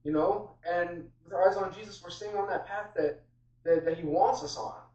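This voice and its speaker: A preacher delivers an informal, conversational sermon on a Bible passage, full of fillers and restarts. His voice is high with a warm tone and a moderate pace, and the recording sounds roomy, distant, and dull.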